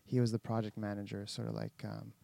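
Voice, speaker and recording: A man's voice: fairly low pitch, monotone, quick pace, gravelly, dark tone, no echo. A man chatting casually on a podcast, telling a rambling story with lots of fillers and restarts. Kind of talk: casual chat.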